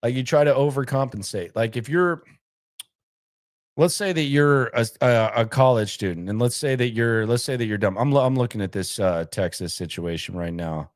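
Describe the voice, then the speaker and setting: A man's voice: mid-range voice, normal speed. A man hosting a live sports talk stream, emphatic and repetitive, hammering his points home and rambling with restarts and asides. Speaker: sports talk show host.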